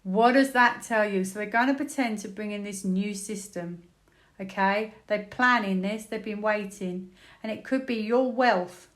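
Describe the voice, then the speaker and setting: A British woman doing a tarot reading, thinking out loud, exclaiming and repeating words as she turns cards. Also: mid-range voice, a little slow. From United Kingdom. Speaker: tarot reader.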